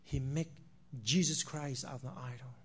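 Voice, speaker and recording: A man preaching a sermon, swinging between loud declarations and hushed asides, repeating phrases and calling listeners "my friend.". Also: mid-range voice, steady tone, normal speed, husky.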